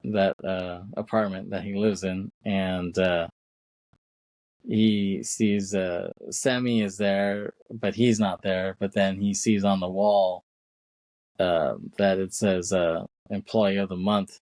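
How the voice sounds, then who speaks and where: A man's voice: deep voice, steady tone, slow pace, a little mellow, dry recording. A man co-hosting a podcast, retelling a film's scenes in a rambling casual way, with many fillers and acted-out quotes. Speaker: podcast co-host. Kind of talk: casual film recap chat.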